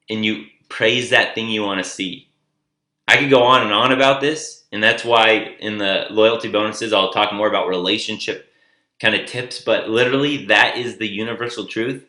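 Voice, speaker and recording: Bright-toned man giving dating advice. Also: on the low side, normal speed, reverberant. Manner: loose and conversational, acts out quoted lines. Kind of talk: casual advice monologue.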